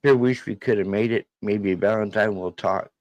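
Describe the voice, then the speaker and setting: Halting low-voiced man telling stories. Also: fairly even intonation, a little mellow, no echo, lo-fi sound. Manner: halting storyteller with many restarts. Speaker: co-host reading viewer comments. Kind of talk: casual livestream chat.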